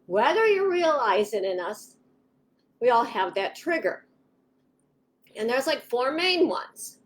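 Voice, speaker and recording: A woman's voice: fairly high pitch, very animated, takes it slowly. A woman hosting a casual live stream on home organizing, talking directly to her viewers in a chatty, rambling way, often restarting sentences and acting out everyday thoughts. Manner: chatty, rambling, frequent restarts and acted-out inner monologue. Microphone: webcam or phone in a home office.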